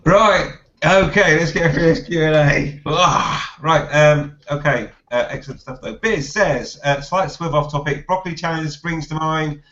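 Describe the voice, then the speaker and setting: A man's voice: on the high side, fairly bright tone. Chatty man reading comments, roomy lo-fi sound. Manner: chatty, laughs often, reads comments aloud haltingly. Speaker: host reading viewer questions. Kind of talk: casual live chat. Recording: roomy, dull lo-fi live stream audio.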